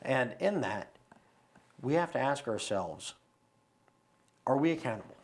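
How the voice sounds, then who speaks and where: A man's voice: medium pitch, expressive, unhurried, darkish tone. A man as a podcast guest, talking through philosophy and telling a story in a casual conversation, recorded in a studio.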